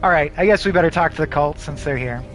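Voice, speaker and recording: A man streaming a video game, reading the story aloud in a playful, animated way. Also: fairly high pitch, fast, soft background music. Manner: playful and animated, breaks into laughter.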